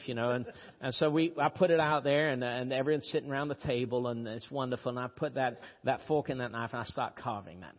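A man from Brazil with a slight British-tinged accent, preaching a sermon in a storytelling way with sudden rises in pitch for emphasis. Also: steady tone, fairly quick, few pauses. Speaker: pastor. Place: church. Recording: dull lo-fi audio with long church reverb.

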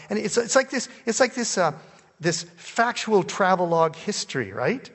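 Older male preacher, gravelly, animated storytelling, long church reverb. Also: high-pitched, moderate pace. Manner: animated, jumps between hushed and loud. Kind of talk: storytelling sermon. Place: church hall.

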